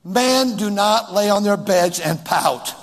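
A man preaching a sermon in a church, rising suddenly and drawing some phrases out slowly. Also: high-pitched, animated, long reverb tail. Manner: preaching with sudden rises and drawn-out slow phrases.

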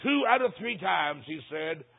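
Older male preacher, dramatic sermon storyteller, high husky voice, tinny lo-fi sound. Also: animated. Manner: dramatic storyteller, slows for emphasis. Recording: tinny phone-like recording.

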